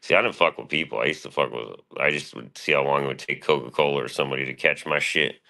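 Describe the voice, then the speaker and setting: A man with an extremely low voice rambles through a casual stream monologue, boastful and full of swearing. His tone has a bright, forceful edge despite the depth. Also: fast, gravelly.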